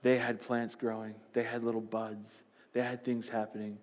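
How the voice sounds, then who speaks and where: A man's voice: lowish voice, level tone, moderate pace. Man preaching a storytelling sermon. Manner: dramatic storytelling, dropping to soft emphasis. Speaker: pastor.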